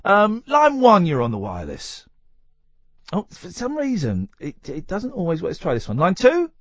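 Male phone-in host, high and very animated, dry studio sound, jokey and rambling. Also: moderate pace, no room sound. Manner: jokey, rambling, laughs often. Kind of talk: late-night radio phone-in chat. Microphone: studio mic.

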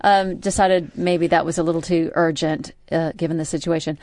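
A woman's voice: low voice, fairly even intonation, moderate pace, darkish tone. A middle-aged woman, co-hosting a radio show in casual chat, telling a rambling story with many restarts. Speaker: radio co-host. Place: radio studio.

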